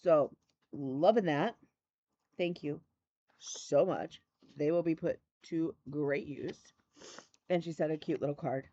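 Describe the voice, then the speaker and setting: A woman's voice: sits low, slow, pauses often, mellow, no echo. Effusive chatty woman, lo-fi sound. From Michigan. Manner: chatty, effusive, repeats "love me a". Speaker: flosstube host. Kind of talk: casual chat.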